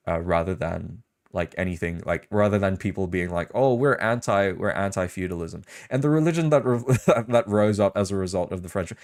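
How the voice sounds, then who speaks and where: A young man with a low-pitched voice hosts a casual podcast stream at a desk mic. He rambles through his points with constant fillers and restarts, argumentative and chatty. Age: young adult. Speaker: podcast host. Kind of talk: casual livestream chat.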